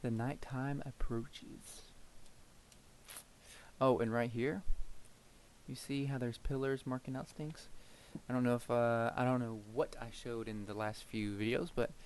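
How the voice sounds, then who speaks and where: A man's voice: medium pitch, fairly even intonation, normal speed, slight background noise, poor audio. Young male let's-play host, mid-range voice, meandering casual chat, mutters to himself while building. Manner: rambling, thinks aloud while building, trails off into soft murmurs. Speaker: gameplay commentator.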